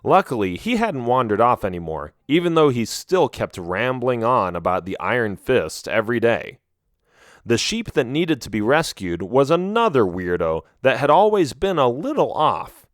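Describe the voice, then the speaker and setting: A man narrates a children's animal story in the first person with an expressive reading. His pitch is middling and moves about a lot. The recording is close and dry. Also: normal speed, no echo. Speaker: audiobook narrator.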